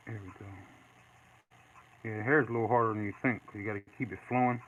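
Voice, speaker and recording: A man casually chatting while he draws live, reading and answering viewer comments in a relaxed way. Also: on the low side, fast talker. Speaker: artist streaming live. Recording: dull lo-fi with faint noise.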